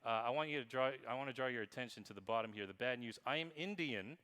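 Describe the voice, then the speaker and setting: A man giving a lively conference keynote on marketing, playful and quizzing the crowd, reading examples aloud in exaggerated voices. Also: medium pitch, very fast, clear, resonant tone. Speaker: keynote speaker. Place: conference hall with audience. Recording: long hall reverb.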